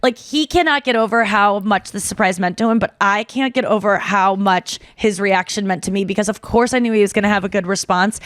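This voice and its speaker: A woman in her thirties hosting a podcast, telling a long story in a casual, animated way, full of fillers and acted-out quotes. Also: medium pitch, fairly quick, hardly any pauses, no room sound, studio quality. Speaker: podcast host.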